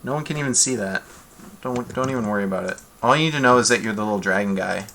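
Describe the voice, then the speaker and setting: A man's voice: on the low side, quick pace, a bit bright, slight background noise. A man running a tabletop game as game master, laid-back and chatty, on a desk mic.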